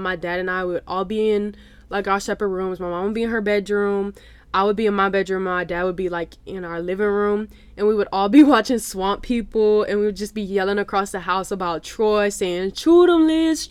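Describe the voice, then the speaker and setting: A woman's voice: mid-range voice, a bit bright, clean tone, no echo. A woman in her twenties hosting a casual solo podcast, chatty and full of "like" and "y'all". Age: 20s. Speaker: podcast host.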